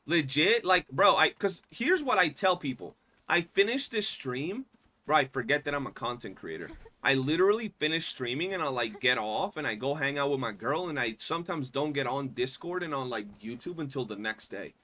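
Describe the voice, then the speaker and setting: A young man livestreaming a game, talking in a loose, animated, slangy way and swearing often. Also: mid-range voice, moderate pace. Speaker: streamer. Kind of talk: casual gaming livestream chat.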